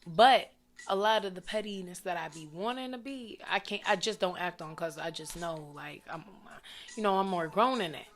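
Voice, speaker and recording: A young woman vlogger telling a story to camera in a blunt, profane, animated way. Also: lowish voice, moderate pace. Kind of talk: casual storytime rant to camera.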